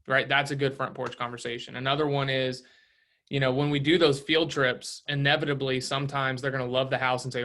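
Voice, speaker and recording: A man runs a relaxed training session in a coaching tone. He keeps tossing rhetorical questions at the room. His voice sits at a middling pitch. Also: brisk. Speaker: real estate trainer.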